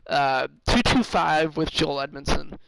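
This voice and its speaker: A man's voice: fairly high pitch, measured pace, gravelly, heavy background noise. A man streaming a hockey management game, thinking aloud in casual commentary with many fillers and restarts. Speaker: gaming streamer.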